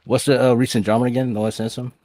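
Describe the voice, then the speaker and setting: A man's voice: mid-range voice, level tone, fast, darkish tone, no room sound. A young man calling in to a livestream, blunt and slangy, repeating "all right?" as he talks. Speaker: caller. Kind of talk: casual call-in banter.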